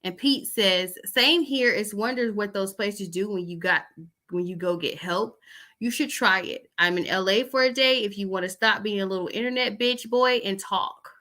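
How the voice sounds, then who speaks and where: Bright-voiced chatty woman. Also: medium pitch, moderate pace. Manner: chatty, loose and conversational, with asides. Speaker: host. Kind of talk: casual chat reading out text messages.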